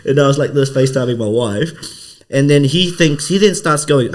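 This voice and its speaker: A man's voice: mid-range voice, fairly quick. A man, a comedian and podcast co-host, telling a story in casual chat and acting out the other people's voices. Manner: animated storyteller who acts out the voices of others.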